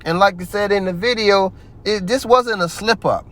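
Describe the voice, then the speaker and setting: A man's voice: sits high, moderate pace, fairly bright tone. A man giving heated religious commentary, ranting in a profane, preachy way.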